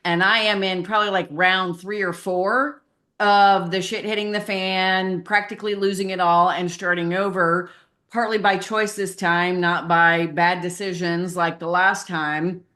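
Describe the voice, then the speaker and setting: A woman's voice: lowish voice, a little slow. A middle-aged woman, a podcast guest, talking candidly and animatedly about her business, acting out the voices in her stories. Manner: candid, animated storyteller who acts out voices in quotes. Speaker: podcast guest, marketing consultant. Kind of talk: casual interview chat.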